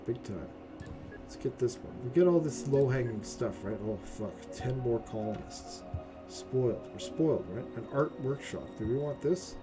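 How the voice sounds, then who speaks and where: A man giving casual gameplay commentary as a streamer, chatty and profane, often tagging his lines with "right?". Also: medium pitch. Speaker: game streamer. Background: game music.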